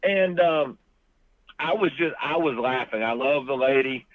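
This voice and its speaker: A man's voice: medium pitch, a little slow, no echo. A man co-hosting a casual political talk show, telling chatty anecdotes over a tinny phone line.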